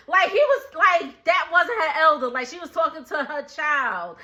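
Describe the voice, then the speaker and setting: A woman recapping a reality show in a casual, animated way, laughing often and acting out what people said. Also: high-pitched, a little slow. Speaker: recap vlogger.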